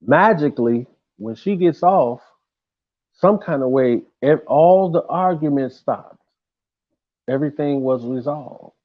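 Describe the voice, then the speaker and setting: Speaking in an unhurried, somewhat high voice over phone-quality audio, a man shares a tour anecdote. He's loose and lively, swears and uses slang freely, and occasionally yells out quoted lines.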